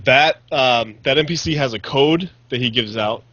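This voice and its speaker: A male podcast co-host with a mid-range voice who explains things in a halting way, full of restarts. His tone is bright and forceful. The recording is dry and somewhat dull. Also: mid-range voice, no room sound. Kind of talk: casual podcast chat.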